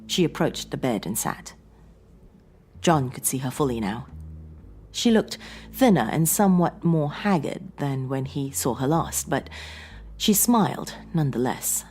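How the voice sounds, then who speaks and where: A woman narrating a horror audiobook in an expressive, dramatic way. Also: a bass voice, a little slow, slight background noise.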